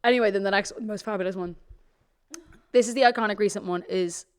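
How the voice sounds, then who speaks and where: Fast and clean-toned at medium pitch, this young Irish podcast co-host chats casually. She's gossipy, swears freely, and reads tweets out loud.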